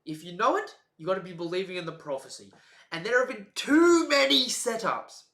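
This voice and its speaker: A man streaming live reaction commentary, excitable, jumping between loud outbursts and soft mumbling. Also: high voice, a little fast. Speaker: streamer reacting to a comic chapter. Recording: echoey room.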